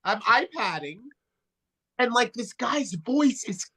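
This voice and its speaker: A man's voice: extremely high pitch, slow pace, breathy edge. A man co-hosting a wrestling podcast, telling stories in casual, profane banter. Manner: profane, animated storyteller.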